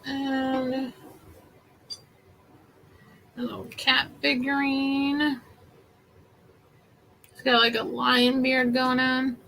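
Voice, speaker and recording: A woman's voice: high-pitched, little pitch movement, drawn-out words, creaky, pauses often, a bit bright, slight background noise, rough recording. A woman chatting casually through a live thrift haul, rambling with many fillers. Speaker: vintage seller vlogger.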